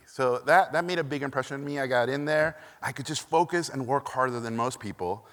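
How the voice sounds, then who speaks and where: Some chatter can be heard behind this man as he gives a conference keynote in a large echoey hall, recorded from the stage mic. He's from Mexico, speaks a little fast at medium pitch with hardly any pauses, and sounds a bit bright. His storytelling is animated, with many "uh" fillers and acted-out quotes.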